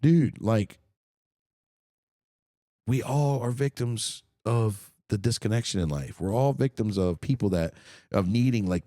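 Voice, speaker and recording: A man's voice: fairly low pitch, a little mellow, no room sound, studio quality. A man hosting a casual podcast, talking in an emphatic, profane, ranting way. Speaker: podcast host.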